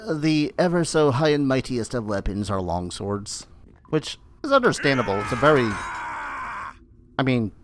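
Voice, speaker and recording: A man's voice: medium pitch, a little hiss or hum. A man hosting a let's play, chatting casually over gameplay with rambling asides and dry humor.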